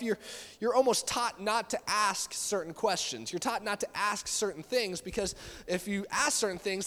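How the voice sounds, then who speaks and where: A man's voice: high voice, long reverb tail. A young man, a youth pastor, giving a casual, conversational sermon with many fillers and restarts, in a church meeting room.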